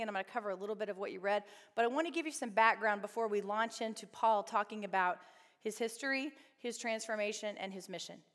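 A woman's voice: fairly high pitch, fairly bright tone. A woman teaching a Bible study class in a chatty way, often asking the group questions. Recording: long reverb of a hall.

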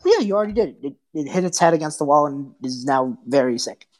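A woman's voice: sits low, expressive, quick pace, darkish tone, rough recording. A woman narrating as game master of a tabletop game, friendly and hesitant, with many fillers.

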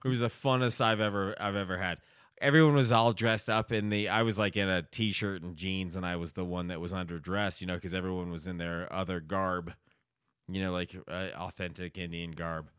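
A man's voice: low voice, steady tone, fairly quick, a bit bright, clear, resonant tone, dry recording, studio quality. A man co-hosting a podcast, rambling and swearing freely in crude casual chat, laughing often. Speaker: podcast co-host.

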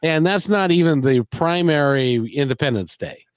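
A man's voice: fairly high pitch, lively intonation, normal speed, clear, resonant tone, no room sound. A man who drives a bus, co-hosting a casual chat, rambling and joking through a rant. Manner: rambling, jokey, ranting. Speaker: podcast co-host, bus driver.

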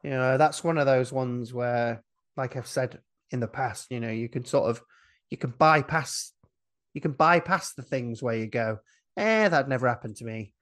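A man's voice: medium pitch, moderate pace, a bit bright. A man co-hosting a casual chat, retelling a film scene by scene in a rambling, jokey way, breaking into silly voices. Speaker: podcast co-host recapping a film.

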